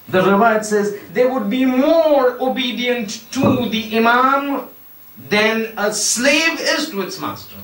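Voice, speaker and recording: A man's voice: very high voice, fairly bright tone. A man giving a religious sermon, telling a story with acted-out dialogue and emphatic rhetorical questions. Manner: acts out dialogue, shifts voice for characters, emphatic and rhetorical. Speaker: Shia cleric giving a Muharram lecture. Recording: echoey hall, voice from a distance.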